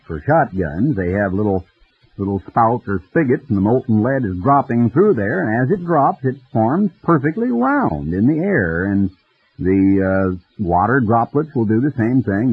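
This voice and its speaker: A man preaching a radio sermon in a folksy, storytelling manner, with a husky voice. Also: fairly low pitch. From United States. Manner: folksy storytelling, mimics voices in quoted dialogue. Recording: dull lo-fi radio broadcast.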